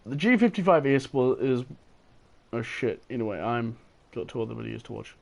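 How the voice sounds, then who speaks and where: A man's voice: mid-range voice, expressive, normal speed, gravelly. A man giving casual, rambling gameplay commentary, tired and yawning, with enthusiastic, playful asides. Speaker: gaming video host.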